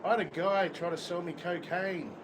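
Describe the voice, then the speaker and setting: A man's voice: high-pitched, steady tone, normal speed. An Australian man livestreaming outdoors near a beach, talking bluntly and swearing constantly in casual chat. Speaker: livestream host. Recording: outdoor street noise with traffic.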